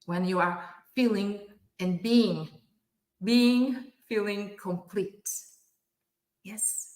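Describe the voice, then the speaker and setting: A woman's voice: medium pitch, very slow, darkish tone. A woman giving a motivational keynote over a video call, repeating her phrases and affirming them with frequent "yes". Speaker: keynote speaker at a virtual summit. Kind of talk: motivational speech. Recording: roomy echo.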